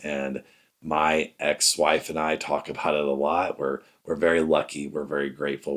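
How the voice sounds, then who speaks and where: Middle-aged male podcast host, very deep voice, earnest and conversational in his reflective talk. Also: a bit bright. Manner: earnest, conversational, speaks straight to the listener.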